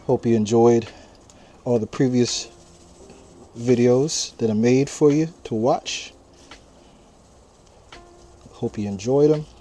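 A man's voice: mid-range voice, fairly even intonation, takes it slowly, pauses often, dark tone. A man hosting a casual cooking vlog outdoors at a grill, talking straight to his viewers in a laid-back, chatty way. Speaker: cooking channel host. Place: outdoors at a charcoal grill, windy. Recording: outdoor noise of wind and popping fire. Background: wind and crackling fire.

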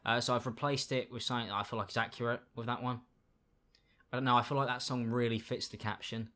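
A man giving casual reaction commentary, with sarcastic, deadpan asides. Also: medium pitch, fast talker. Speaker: YouTube commentator.

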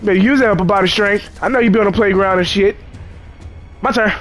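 High-voiced joking gamer man. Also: fast, a bit bright, faint music behind. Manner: joking, profane chatter to the game characters. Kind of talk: casual gameplay commentary.

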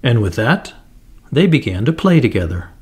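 A man reading a fairy tale aloud in a slow, deliberate storybook narration. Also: mid-range voice, very animated, darkish tone, slightly rough.

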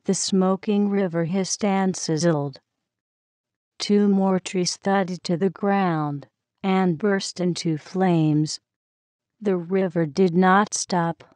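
A woman reading a children's story aloud in a gentle, expressive way. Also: on the low side, slow pace, no echo, studio quality.

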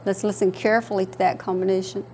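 A woman instructor teaching a language class, slowly repeating each word for her students in a patient manner. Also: mid-range voice, level tone, a little mellow, slight background noise.

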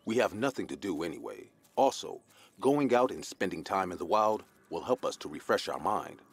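A man voicing a cautious young village boy in an animated horror story, with a husky tone. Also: low-pitched, moderate pace, heavily acted. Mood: explaining.

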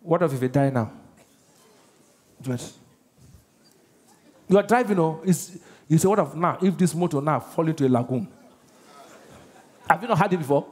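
A man's voice: on the high side, moderate pace, long pauses. A middle-aged Nigerian man preaching a sermon as pastor, firing questions at the congregation and acting out little scenes. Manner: call-and-response questioning, animated, acts out voices.

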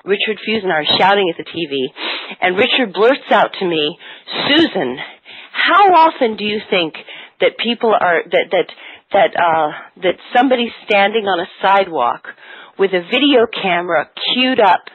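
Woman, husky, emphatic, radio guest, dry, muffled broadcast. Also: mid-range voice, animated, moderate pace, dry recording. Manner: intense, emphatic storytelling. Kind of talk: radio interview.

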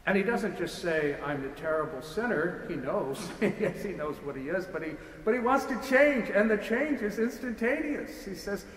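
A man's voice: high-pitched, normal speed, hardly any pauses. A man, a priest giving a lecture sermon in a church, speaking with impassioned, repetitive rhetorical build-ups. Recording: echoey church hall with faint noise.

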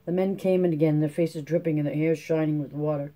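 Steady, mellow narrator for classic-novel audiobooks. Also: medium pitch. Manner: steady, measured reading. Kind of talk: scripted narration.

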